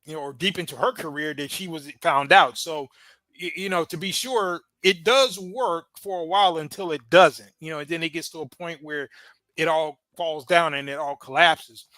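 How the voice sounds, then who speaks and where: A man's voice: a little high, normal speed, sharp tone, no echo. A man hosting a podcast in casual commentary, talking loosely with fillers and frequent laughs. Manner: conversational, laughs often, many fillers. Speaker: podcast host.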